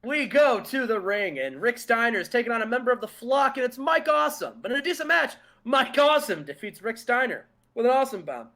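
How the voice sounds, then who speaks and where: A man's voice: extremely high pitch, big pitch swings, fairly quick, few pauses, bright, forceful tone. A man hosting a wrestling booking game, narrating matches and backstage scenes in casual chat, often laughing at himself.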